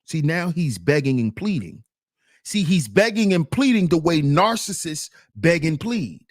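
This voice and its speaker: A man talks over a clip with lively, swinging pitch and a slightly raised voice. He is emphatic and keeps prodding the listener. The sound is dry and close to the mic. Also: a little slow, dry recording. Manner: animated, emphatic, repeats "see". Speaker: commentary host. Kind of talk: casual commentary on a video clip.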